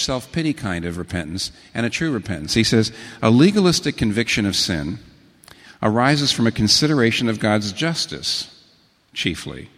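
A middle-aged man preaching a sermon as pastor, telling stories and quoting scripture with sudden swings between low, hushed phrases and raised, emphatic ones. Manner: animated storytelling with sudden pitch swings and quotations. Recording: long hall reverb.

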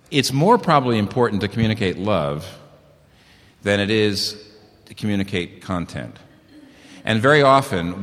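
A man's voice: lowish voice, fairly bright tone. A middle-aged man preaching on marriage, emphatic and repeating his key points. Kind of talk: sermon on marriage. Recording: long hall reverb.

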